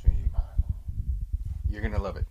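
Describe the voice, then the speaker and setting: A man's voice: moderate pace, dull audio, background noise. A man in casual chat, chiming in with dry wisecracks. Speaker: podcast co-host.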